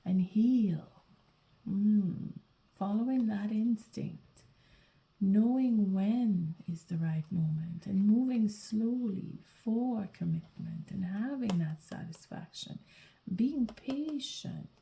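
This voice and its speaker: A sleepy woman gives a whispered tarot reading late at night, her hushed voice dark and mellow with a gravelly edge. She talks in soft, halting half-sentences and often restarts. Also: mid-range voice, poor audio. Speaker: tarot reader.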